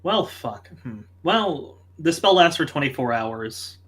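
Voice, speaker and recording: A man's voice: medium pitch, expressive, slow pace. A man playing a tabletop game in casual chat, blunt and dry, swearing casually. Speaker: player.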